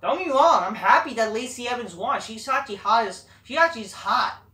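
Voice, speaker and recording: A woman's voice: a little high, expressive, a little fast, bright, forceful tone, far from the mic. A woman giving a blunt, profane, rambling recap of a wrestling show. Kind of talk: casual ranting recap. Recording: echoey room, away from the mic.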